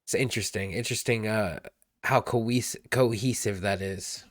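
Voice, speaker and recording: A man's voice: lowish voice, moderate pace, dry recording, studio quality. A man casually reacting to a song as a streamer, rambling and laid-back, peppering his talk with "like" and "dude".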